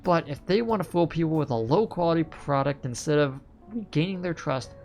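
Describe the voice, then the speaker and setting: A man reading game lines aloud as a gentle, earnest young heiress, with a slipping English accent and a soft, polite, sincere delivery. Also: on the high side, expressive, fairly quick, faint music behind, voice pushed up.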